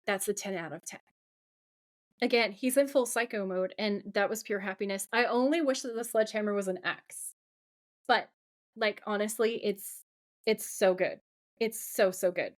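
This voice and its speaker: A woman co-hosting a podcast, gushing and excitable as she recaps a TV episode, swearing and laughing often. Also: medium pitch, moderate pace. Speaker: podcast co-host. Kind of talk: casual episode recap chat.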